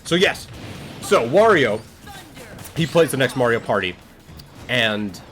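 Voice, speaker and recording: A man's voice: medium pitch, slow, faint music behind. A young man streaming, rambling through improvised silly stories with many fillers. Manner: rambling, filler-heavy, animated. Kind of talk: improvised storytelling to chat. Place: home streaming setup.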